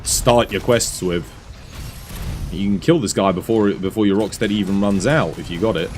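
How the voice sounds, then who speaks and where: With a fairly low, slightly mellow voice at a normal pace, a young Australian man streams a game and casually walks viewers through tips. He works as a streamer and coach, and soft background music plays.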